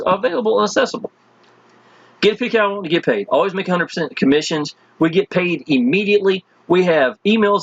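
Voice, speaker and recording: A high-voiced man with a husky edge, whose pitch swoops up and down as he pitches with folksy enthusiasm. The sound is dry and close, with no room echo, but a little dull and lo-fi. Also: fairly bright tone. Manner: folksy and enthusiastic, constantly addressing listeners as "y'all". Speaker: online marketing promoter. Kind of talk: casual sales pitch walking through web pages.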